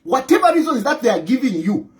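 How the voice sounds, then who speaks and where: A Zambian man giving an impassioned political monologue to camera, forceful and repetitive, hammering his points again and again and breaking into scornful laughs. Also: extremely high pitch, very animated, fast talker. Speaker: political commentator.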